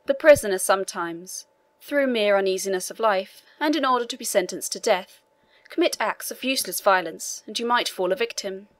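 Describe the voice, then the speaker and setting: A man's voice: high voice, normal speed, fairly bright tone, no echo. A woman reading the part of an obliging man, a prison governor, who explains matters deferentially, in an audiobook. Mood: explaining.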